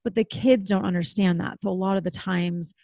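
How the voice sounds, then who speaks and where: A woman's voice: medium pitch, fairly even intonation, fairly quick, creaky, mellow, no echo. Candid thirties woman host, chatty and unfiltered, mid-range voice, close and dry. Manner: candid, chatty, swears casually. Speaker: podcast host. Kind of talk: casual chat.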